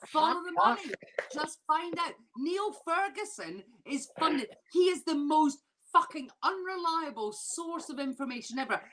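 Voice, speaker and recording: A woman's voice: sits high, expressive, a little slow, fairly bright tone, slight background noise. A woman comedian ranting and swearing in a drunken comedy chat over a video call. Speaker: comedian guest.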